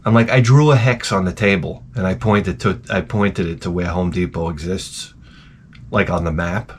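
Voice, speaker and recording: A man ranting profanely in a rambling vlog monologue, exasperated, swinging between loud outbursts and low muttering. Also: moderate pace, slight background noise. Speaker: vlogger.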